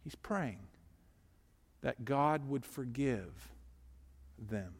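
A man preaching a sermon, swinging between hushed, slow lines and loud, urgent ones. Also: mid-range voice, lively intonation, slightly rough, in a large hall.

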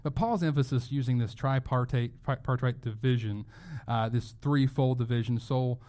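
A mid-pitched man preaches a sermon to his congregation. He speaks earnestly and leans hard on key phrases. He often stops and restarts his sentences as he goes. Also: steady tone, normal speed, mellow. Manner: earnest, emphatic, with frequent restarts. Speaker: pastor.

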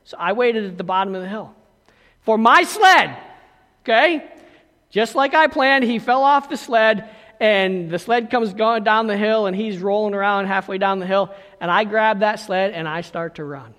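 A man's voice: high voice, moderate pace, fairly bright tone. A man preaching a sermon, telling a personal story in a conversational way and often checking in with the congregation. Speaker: pastor. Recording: long hall reverb.

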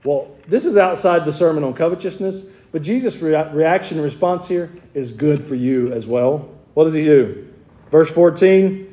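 Man, Southern US accent, pastor, sermon, warm mellow voice, chatty, asks rhetorical questions. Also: on the high side, normal speed. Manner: conversational preaching with rhetorical questions to the congregation.

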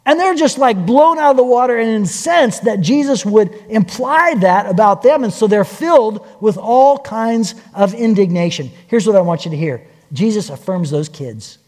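A man preaching a sermon as pastor, telling stories with lively acted-out voices. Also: high voice, moderate pace, hardly any pauses. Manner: animated storytelling, acting out quoted voices. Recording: long hall reverb.

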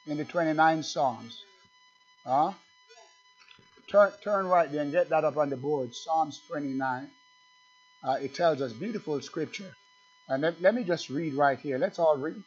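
A man preaching a sermon, emphatic and fervent, swinging from loud bursts to low conversational asides and quizzing his congregation. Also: a little slow, long pauses, faint music behind. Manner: asks the congregation questions. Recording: dull lo-fi church recording.

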